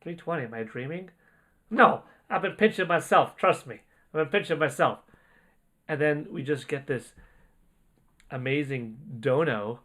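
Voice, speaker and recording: A man hosting a casual livestream, reading out donations in an excitable, rambling way and often exclaiming. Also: a little high, measured pace. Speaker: livestream host.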